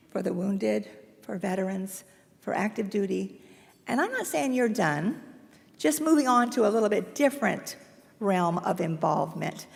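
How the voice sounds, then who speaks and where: A woman's voice: medium pitch, vocal fry. A woman giving an emotional, chatty tribute speech and presenting an award at a hotel ballroom ceremony. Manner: warm, emotional, chatty storytelling. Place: hotel ballroom event, live stream. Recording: long hall reverb.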